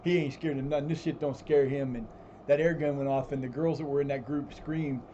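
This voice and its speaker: A man spins long, rambling stories on a live stream, his voice mellow and darkish. He restarts sentences often and swears freely. The audio is slightly dull, with a faint hiss behind him. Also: medium pitch, steady tone, brisk. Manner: baby talk to his cat. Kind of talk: casual storytelling while gaming.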